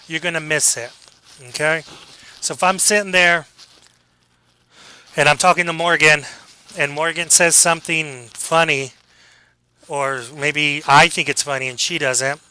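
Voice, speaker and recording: A man giving a casual classroom lecture, joking with students, acting out quick examples and checking in with a frequent "okay?". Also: on the high side, sharp tone, smooth, rough recording. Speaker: college lecturer.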